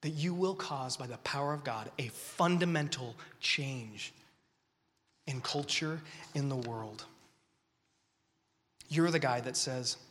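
A man preaching to a young crowd with great passion, dropping to whispers and rising to shouts, while fighting the flu. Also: mid-range voice, slow, pauses often, a little hiss or hum. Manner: impassioned, swinging from whispers to shouts. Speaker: speaker at a youth gathering. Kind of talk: sermon. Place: large hall. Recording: long reverb of a large hall.

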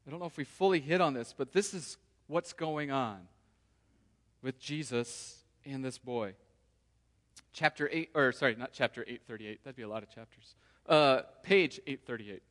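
A man's voice: medium pitch, moderate pace, a bit bright. Earnest preaching man in a reverberant hall. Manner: earnest, preacherly, voices inner prayers aloud. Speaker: pastor. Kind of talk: sermon. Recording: long reverb of a large hall.

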